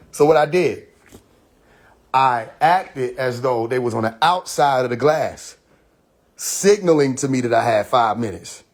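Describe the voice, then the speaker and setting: A man's voice: mid-range voice, expressive, measured pace, pauses often. A man hosting a livestream, telling a story casually and animatedly, laughing often and acting out quoted dialogue. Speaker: live stream host. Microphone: phone livestream.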